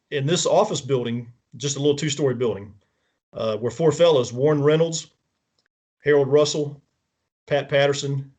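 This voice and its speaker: A man's voice: medium pitch, darkish tone. A man speaking as a guest on a talk show, walking through events in order and checking in with the listener as he goes. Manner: detailed step-by-step recounting, checks in with the listener; frequent restarts and self-corrections. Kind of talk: casual spoken walkthrough of events.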